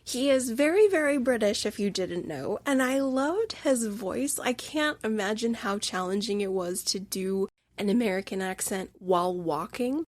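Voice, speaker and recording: A woman's voice: medium pitch, expressive, normal speed, few pauses, dry recording. A woman hosting a solo podcast, talking through a film review in an emotional, gushing and candid way. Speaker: instructor.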